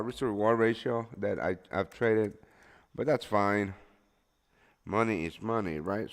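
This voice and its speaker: A man who has just woken up, chatting loosely to viewers with plenty of fillers and swearing. His voice sits low with a gravelly fry. The sound trails off with a long reverb. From El Salvador. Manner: rambling, swears freely, lots of fillers. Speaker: forex trading streamer. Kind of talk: casual live-stream chat.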